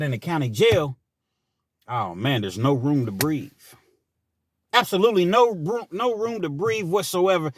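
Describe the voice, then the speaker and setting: A man's voice: a little high, no echo, clean studio sound. A man hosting his own channel, telling a personal story in a chatty, rambling way with asides. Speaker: channel host. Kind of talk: casual storytelling monologue.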